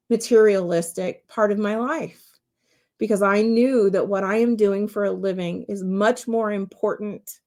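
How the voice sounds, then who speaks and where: A woman's voice: mid-range voice, darkish tone. A woman podcast host and medium telling a personal story in an earnest, candid, heartfelt way from her home office.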